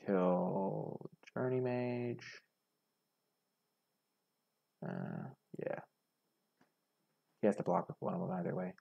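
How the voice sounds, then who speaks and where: A man's voice: low-pitched, wildly swooping pitch, normal speed, vocal fry, long pauses, mellow, husky, lo-fi sound. A young man giving casual, chatty commentary over a card game, thinking aloud and criticizing his own plays. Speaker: gaming streamer.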